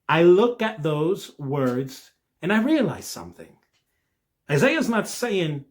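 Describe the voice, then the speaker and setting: A young man from New Jersey giving an earnest devotional talk, checking in often with "all right?" and letting his voice rise when he stresses a point. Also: a little slow. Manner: earnest, lively rises in pitch, frequent "all right?" asides. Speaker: Christian video creator.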